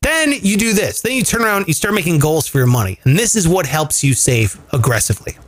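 A man's voice: fairly high pitch, sing-song, brisk. A man hosting a casual chat show, explaining money tips with emphatic, profane energy. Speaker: podcast host.

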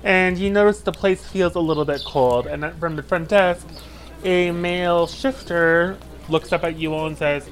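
A man's voice: a little high, steady tone, moderate pace. A man narrating as dungeon master, describing scenes in a loose, rambling way with fillers. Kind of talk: narrating a tabletop game.

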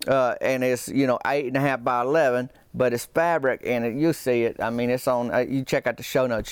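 A man's voice: mid-range voice, clear, resonant tone, no room sound, studio quality. A man hosting a podcast, telling a comic story in a folksy, meandering, self-deprecating way. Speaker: podcast host.

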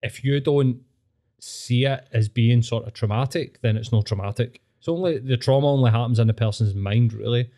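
A man's voice: mid-range voice, moderate pace, mellow. A Scottish man chatting bluntly and swearing often as co-host of a casual podcast.

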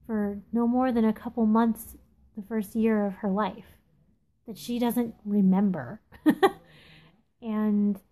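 A woman in her thirties with a candid, confessional way of talking, reflecting aloud in a casual monologue and pausing often with ums. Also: medium pitch, steady tone, warm tone. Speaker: podcast host. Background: phone texting interruptions.

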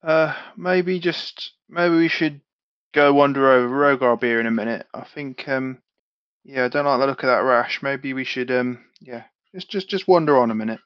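A man's voice: medium pitch, moderate pace, smooth, dry recording. Guy, hesitant player, trails off, muffled lo-fi mic. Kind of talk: casual chat during a tabletop game.

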